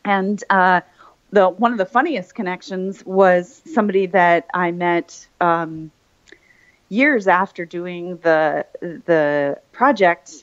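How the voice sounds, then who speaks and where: A woman voice actor, guesting on an interview, chats casually in a low voice at a slow pace, rambling with lots of fillers and false starts. The audio is lo-fi and a bit muffled.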